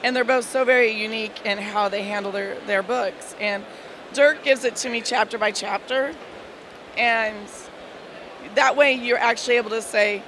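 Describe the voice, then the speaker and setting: A woman comic book editor, hoarse from losing her voice, chatting in an interview and laughing as she tells stories. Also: a little high, moderate pace. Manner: laughing, animated storytelling. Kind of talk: casual interview. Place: busy convention floor. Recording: noisy convention floor. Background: crowd and hall ambience.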